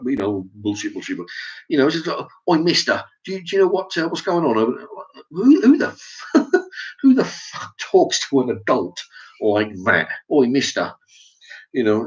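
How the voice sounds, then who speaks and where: In a dull, lo-fi opinion vlog, a middle-aged man with an English accent rants at the camera, frequently swearing and tripping over restarts. His lowish voice has a slightly bright quality.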